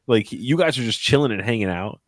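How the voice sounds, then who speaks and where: A man co-hosting a podcast, chatting casually and jokingly about a movie, animated and swearing now and then. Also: mid-range voice, a little fast, dry recording. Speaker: podcast co-host. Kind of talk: casual movie review chat.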